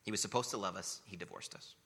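Low-voiced, sharp-toned male preacher. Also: expressive, fast, creaky. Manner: earnest, rhetorical questions, repetition for emphasis. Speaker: pastor. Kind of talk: sermon. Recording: long reverb of a large hall.

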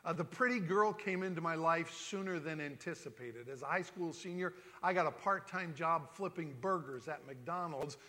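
A man's voice: fairly high pitch, sharp tone. A man in his fifties telling his life story in a folksy way, acting out the dialogue he quotes. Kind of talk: personal testimony talk. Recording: long hall reverb.

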